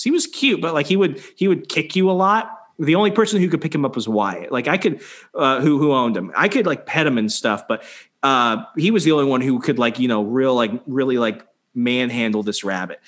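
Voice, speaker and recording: A young man casually telling a story, swearing freely and acting out quotes with animated delivery. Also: medium pitch. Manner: profane, animated, acts out quotes.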